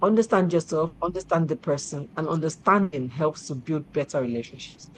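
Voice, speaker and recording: A middle-aged woman, hosting and telling stories in lively casual chat, repeating herself and laughing often. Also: deep voice, fairly quick, slight background noise, poor audio. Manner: animated, repetitive, laughs often. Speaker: show host.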